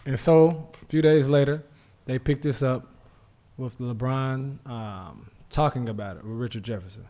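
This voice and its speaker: A man's voice: mid-range voice, moderate pace, noisy background. A man co-hosting a podcast, retelling stories casually and with animation. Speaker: podcast co-host. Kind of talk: casual sports talk.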